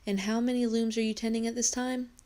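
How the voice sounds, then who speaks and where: A woman's voice: a little high, level tone, darkish tone, voice pushed up, close to an everyday voice. A woman reading a stern, cold mill boss. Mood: cold, probing. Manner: curt, measured questioning. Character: stern middle-aged male mill agent, cold.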